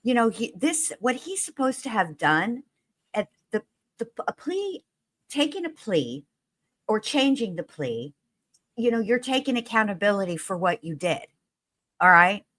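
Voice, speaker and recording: A woman's voice: medium pitch, very animated, unhurried, a bit bright. A woman co-hosting a casual true crime chat, talking bluntly and swearing as she gets heated. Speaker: true crime podcast co-host. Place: home studio, livestream.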